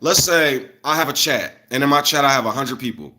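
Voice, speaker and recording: A young man from Illinois ranting casually on a livestream, loose and animated, jumping from loud bursts to muttered asides. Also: medium pitch, fairly quick. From Illinois, USA. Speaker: streamer.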